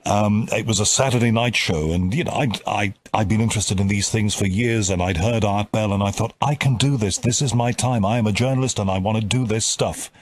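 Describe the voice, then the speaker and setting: A man's voice: lowish voice, a little fast, hardly any pauses. A man from the UK hosting an interview, chatty and given to repeating and restarting words. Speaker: interviewer and host. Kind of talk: casual interview chat.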